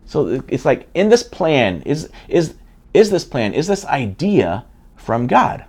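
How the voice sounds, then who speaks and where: A man's voice: on the high side, very animated, takes it slowly, darkish tone, slightly rough. A middle-aged man, a pastor, teaching a sermon in an earnest, conversational way with frequent restarts.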